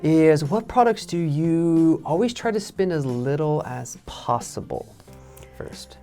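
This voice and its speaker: A man in a relaxed English lesson, explaining with casual fillers. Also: a little high, slow pace, faint music behind. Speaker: English teacher. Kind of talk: casual teaching chat.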